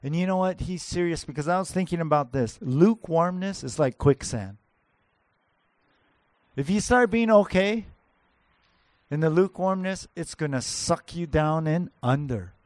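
A man delivering a sermon, earnest and emphatic, leaning on repeated words to drive his point home. His voice sits a little high for a man, and the sound is close and dry with no room around it. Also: animated, moderate pace, darkish tone, no echo. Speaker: pastor.

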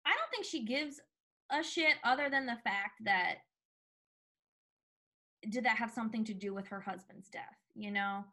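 A woman's voice: a little high, lively intonation, normal speed, long pauses, sharp tone. A woman chatting casually as a podcast co-host, recapping a TV episode with lots of fillers.

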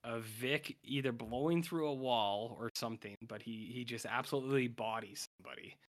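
A podcast co-host recaps a TV episode in loose, filler-heavy chat, rambling along and acting out the characters' lines as quotes. His voice sits at medium pitch and moves a little fast.

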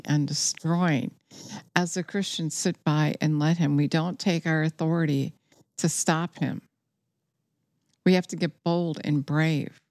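A woman with a fairly low voice delivers a sermon. She speaks earnestly and with urgency, pressing her listeners to act. The sound is close and dry, with almost no room echo. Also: a little mellow. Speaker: preacher.

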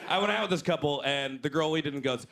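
A man in his twenties doing a stand-up set, animated and jumping into loud put-on voices. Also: on the high side, fast talker. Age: 20s. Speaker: stand-up comedian. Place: comedy club stage. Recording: live club recording with crowd laughter. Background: audience laughing.

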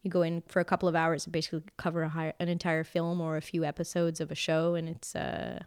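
A woman, a voice actress guesting on a podcast, telling relaxed anecdotes with many fillers. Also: low voice, fast talker, clear, resonant tone. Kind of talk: casual interview chat.

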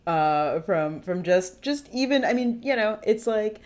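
A woman's voice: mid-range voice, animated, unhurried, a little mellow. A woman co-hosting a podcast, chatting casually with many fillers and frequent laughs. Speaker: podcast co-host. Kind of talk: casual chat.

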